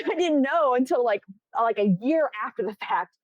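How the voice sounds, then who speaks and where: A woman's voice: sits high, lively intonation, normal speed, no room sound, highs cut off. A young woman from Buffalo, New York, a film assistant director, telling a story in a casual interview. She acts out the people she quotes and laughs often.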